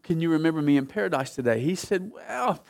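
A man preaching a sermon, telling a story with dramatic swings from loud emphatic peaks to hushed, low passages. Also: fast talker.

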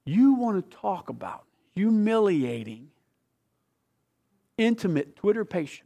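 A man's voice: high-pitched, big pitch swings, creaky. Passionate male pastor preaching a sermon. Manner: passionate, swings from loud emphatic bursts to hushed, slow intimate reading.

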